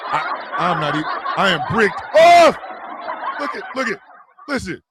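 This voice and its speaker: A man hosting a comedic live stream, joking loudly and swinging between shouts and mutters. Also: high-pitched, very animated, unhurried, very noisy. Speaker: livestream host.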